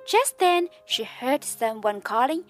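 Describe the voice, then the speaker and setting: A woman reading a children's picture book aloud to her child. Her voice sits high and swings with lively pitch, at a very slow, deliberate pace. Quiet music plays faintly underneath. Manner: slow, animated storytelling.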